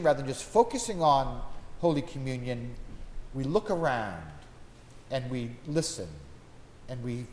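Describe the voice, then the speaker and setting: A man's voice: mid-range voice, darkish tone. A man preaching an informal sermon as a priest, chatty, with homely stories. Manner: conversational, folksy storytelling. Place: church. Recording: long church reverb, faint background hum.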